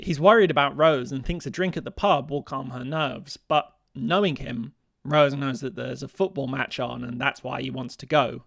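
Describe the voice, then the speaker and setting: Playful man with a gravelly voice. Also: mid-range voice, dry recording, clean studio sound. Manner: playful and expressive, laughing at his own jokes. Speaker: video essay host. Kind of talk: scripted video essay commentary.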